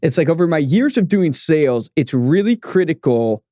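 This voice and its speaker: A man's voice: on the high side, very animated, normal speed, mellow, no room sound, studio quality. A man co-hosting a podcast, asking questions in a casual, enthusiastic way. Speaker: podcast co-host. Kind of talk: casual interview talk.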